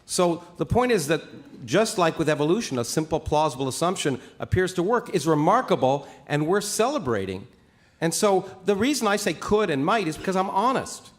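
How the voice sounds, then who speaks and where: Emphatic man with a lively, high voice. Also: fairly quick. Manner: emphatic, blunt rebuttals. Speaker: scientist debater. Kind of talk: public debate.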